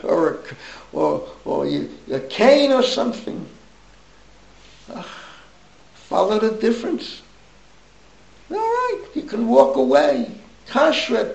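A man in his eighties, a rabbi teaching an informal class, telling rambling, animated stories with asides to his listeners. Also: sits high, gravelly, roomy sound, low-quality recording. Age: 80s. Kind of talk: informal Torah class talk.

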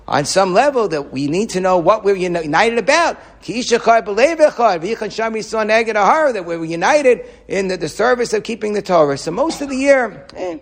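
Rabbi, high gravelly voice, teaching a torah class. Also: male voice, brisk, few pauses. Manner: animated teaching with Hebrew quotes, repeats words when thinking.

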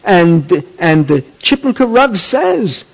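A man's voice: sits high, sing-song, slow, vocal fry, slightly rough. A man teaching a religious class, emphatic and repetitive, often firing off questions and repeating key phrases. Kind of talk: Torah lecture. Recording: dull lo-fi tape recording.

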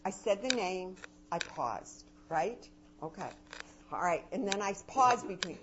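A woman giving a live parenting workshop, lively and chatty, often dropping to a low, soft voice to demonstrate. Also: measured pace. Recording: muffled recording with background noise.

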